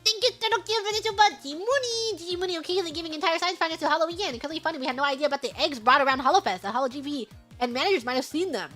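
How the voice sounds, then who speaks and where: A young woman chats casually with her viewers, thanking them one by one in a high, bubbly voice. Her tone is bright and lively, and she laughs often. Faint music plays behind her. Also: very fast. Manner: bubbly, giggly, sings snatches of songs. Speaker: streamer reading superchats. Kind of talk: casual livestream chat.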